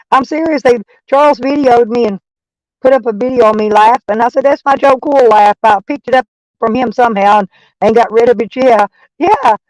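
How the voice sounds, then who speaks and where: Thanking her live stream viewers, a woman from Texas rambles along with a Texan accent, cursing freely and sounding folksy. She talks briskly in a voice on the high side that's a little mellow. The recording is rough, with no echo.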